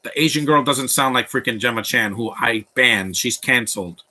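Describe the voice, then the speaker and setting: A man with a bright, forceful voice talks over a movie as it plays, tossing out blunt opinions and rambling asides. His pitch sits in an ordinary middle range for a man. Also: moderate pace. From Latino background. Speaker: movie commentator. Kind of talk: live movie commentary.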